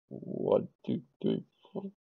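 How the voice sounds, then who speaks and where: A man giving casual, joking and profane commentary while playing an online card game. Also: muffled recording. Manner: joking, profane, self-mocking.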